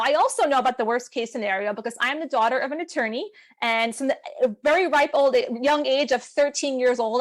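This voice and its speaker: Upbeat woman coaching a live webinar. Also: on the high side. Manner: energetic, keeps checking in with "right?". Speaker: co-host of a business coaching webinar. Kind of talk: live online workshop teaching.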